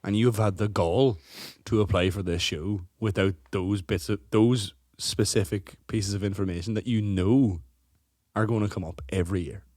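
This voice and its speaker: A man's voice: on the low side, steady tone, normal speed, darkish tone, no echo, clean studio sound. A man co-hosting a podcast in casual comedic chat, rambling and swearing as he tells stories. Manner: rambling, sweary, acts out people in quotes. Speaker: podcast co-host.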